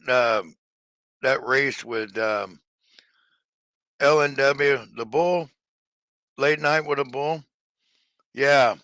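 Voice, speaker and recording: A man's voice: medium pitch, pushed and bright, no room sound. A man chatting casually to his livestream audience, rambling with many fillers and restarts. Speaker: livestream seller.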